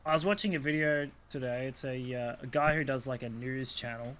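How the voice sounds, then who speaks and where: A man's voice: medium pitch, brisk, fairly bright tone, slight background noise. A man co-hosting a podcast in casual banter, joking and sarcastic, with playful bits. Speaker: podcast co-host.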